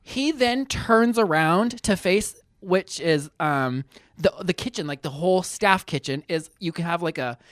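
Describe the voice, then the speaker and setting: A man's voice: high voice, a little slow, no echo, studio quality. A man co-hosting a podcast, telling a story in casual chat and acting out the people he quotes. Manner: animated, acts out quotes in big voices. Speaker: podcast co-host.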